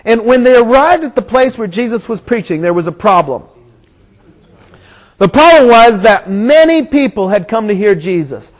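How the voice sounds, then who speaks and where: High-voiced preacher telling a story. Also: male voice, normal speed, poor audio. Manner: animated storyteller, builds to shouts at the climax. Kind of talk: storytelling sermon.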